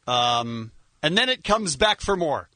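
A man hosting a casual talk show, recapping a film with animated storytelling and frequent laughs. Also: on the high side, unhurried, no echo. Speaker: podcast host.

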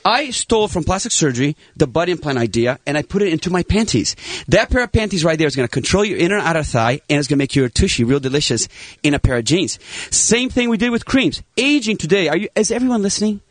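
A man in his fifties, a plastic surgeon guest on a talk show, chatting in an excitable, salesy and jokey way. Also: fairly high pitch, fast talker, no echo. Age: 50s. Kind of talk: animated talk show chat.

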